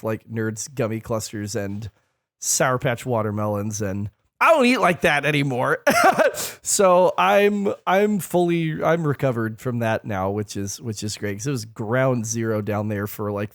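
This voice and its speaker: A man's voice: mid-range voice, normal speed, dry recording, clean studio sound. A man co-hosting a casual gaming podcast, telling stories bluntly with plenty of swearing. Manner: blunt, profane storytelling. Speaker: podcast co-host.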